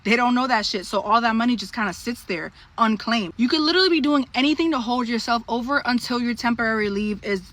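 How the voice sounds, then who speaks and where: A woman telling a story to camera in a blunt, profane, animated way. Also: a little high, fast talker, few pauses, no echo.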